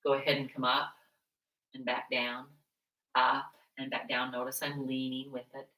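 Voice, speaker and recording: A woman's voice: extremely low pitch, completely flat delivery, moderate pace, bright, forceful tone. A woman yoga instructor guiding a seated chair class, chatting about her own stories between movement cues. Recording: echoey room, mic at a distance.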